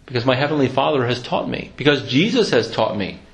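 A man preaching a sermon in an earnest, reflective way, slowing down to quote scripture. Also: mid-range voice, expressive.

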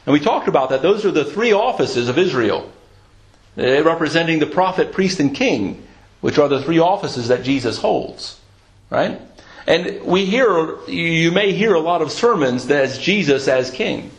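A man preaching a sermon in a conversational way, often restarting his words and clearing his throat. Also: on the high side, lively intonation, a little slow. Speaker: pastor.

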